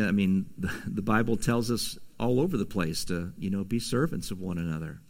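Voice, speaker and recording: A man preaching a conversational sermon, reading scripture and adding casual asides with soft laughs. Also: lowish voice. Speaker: pastor.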